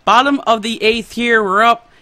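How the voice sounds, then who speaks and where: Young dude hyping up his baseball game, high bright voice jumping all over, loud as hell. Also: fairly even intonation, normal speed. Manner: loud and hyped, shouting at plays. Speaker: gaming YouTuber. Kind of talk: excited gameplay commentary.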